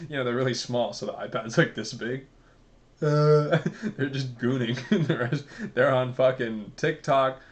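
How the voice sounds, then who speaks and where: A man talks straight to his viewers in a loose, rambling rant. He is sarcastic and profane, and his voice sits at an ordinary middle pitch. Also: measured pace, dull audio. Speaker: commentary vlogger. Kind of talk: casual ranting commentary.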